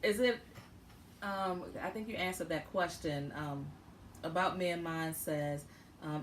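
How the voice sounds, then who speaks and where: A woman hosts a relaxed talk show in a lowish voice, nudging her guest along with steady "mm-hmm"s. She sits a bit back from the mic, with faint background hiss. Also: unhurried, recorded from a distance. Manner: encouraging interviewer, frequent "mm-hmm" and "um". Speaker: host. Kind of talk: casual chat.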